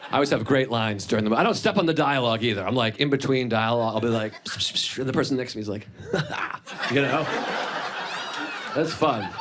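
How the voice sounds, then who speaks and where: A man's voice: medium pitch, lively intonation, brisk, noisy background. A man in his thirties doing a wry, conversational stand-up set, acting out his own lines. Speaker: stand-up comedian. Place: comedy club stage. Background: audience laughing.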